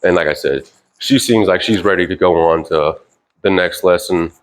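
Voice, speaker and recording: A man teaching dog training in a relaxed, rambling way with many fillers, giving short sharp commands to a dog. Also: low-pitched, normal speed. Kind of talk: casual instructional talk. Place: indoors with a dog.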